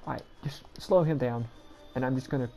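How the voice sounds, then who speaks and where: A woman giving casual, chatty commentary as she plays through a game, with quick self-deprecating asides. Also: a bass voice, warm tone, faint music behind. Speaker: gameplay commentator.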